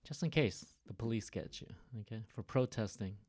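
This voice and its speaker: A man's voice: on the low side, normal speed, darkish tone. A man teaching an online reading lesson, talking casually, stopping often to explain and joke. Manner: chatty, stops to explain and joke.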